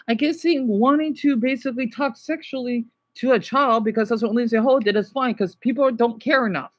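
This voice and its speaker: A man's voice: very high-pitched, a little fast, hardly any pauses. Distraught young man on a live stream. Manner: distraught, swearing, repeating himself. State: exhausted and upset. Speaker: livestreamer talking to viewers. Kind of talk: unscripted live stream talk.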